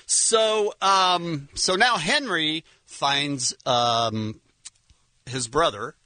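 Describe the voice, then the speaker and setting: A man hosting a casual talk show, recapping a film with animated storytelling and frequent laughs. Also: on the high side, very slow, dry recording. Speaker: podcast host.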